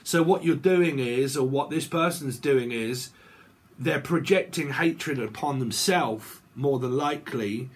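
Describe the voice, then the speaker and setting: A man's voice: medium pitch, a little slow, husky. A man giving a casual tarot reading to his viewers, rambling and checking in with "okay" and "right" again and again. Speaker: tarot reader.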